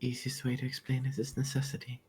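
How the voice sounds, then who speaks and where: A man's voice: medium pitch, monotone, fast, darkish tone, breathy edge, dry recording. A man playing a tabletop game, giving short, dry replies. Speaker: player. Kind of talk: casual tabletop play.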